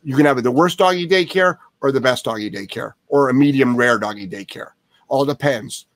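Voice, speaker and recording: A man's voice: mid-range voice, a little fast, a bit bright, no echo. A man hosting a live Q&A as a dog trainer, talking bluntly and emphatically, swearing freely and repeating phrases for effect. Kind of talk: casual live-stream Q&A.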